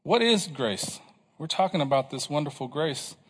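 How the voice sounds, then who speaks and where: A man's voice: a little high, expressive, normal speed, slightly rough, long reverb tail. A man preaching a sermon to his congregation, asking questions and pressing his points with emphasis. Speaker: pastor.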